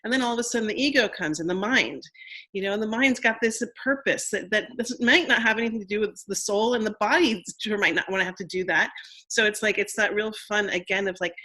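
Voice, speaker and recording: A woman's voice: medium pitch, sharp tone, breathy edge. A woman co-host reflecting aloud in casual conversation, filling her thoughts with "like" and "you know". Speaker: co-host, storytelling teacher.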